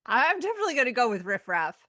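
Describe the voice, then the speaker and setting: Bright woman on a dry podcast mic. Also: on the high side, sing-song, rapid-fire, dry recording. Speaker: podcast co-host. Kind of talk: casual panel chat.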